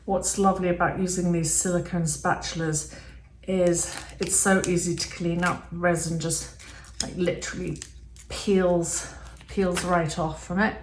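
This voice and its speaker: A woman's voice: fairly low pitch, level tone, unhurried, slight background noise. A woman giving a casual step-by-step craft demonstration, chatty and thinking aloud with the odd um. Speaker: resin art tutorial maker. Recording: roomy echo.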